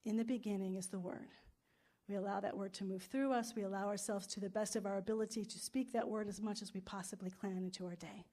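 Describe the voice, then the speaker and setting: A woman's voice: mid-range voice, fairly even intonation, quick pace, mellow. A woman pastor delivering a sermon and a spoken prayer to a congregation in a room, repeating phrases in rolling, emphatic lists. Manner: storytelling with acted-out quotes.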